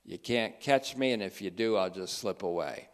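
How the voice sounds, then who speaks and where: A man giving spoken theology commentary, emphatic and sardonic, reading quotations slowly with heavy stress. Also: on the low side. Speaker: teacher of a theology group.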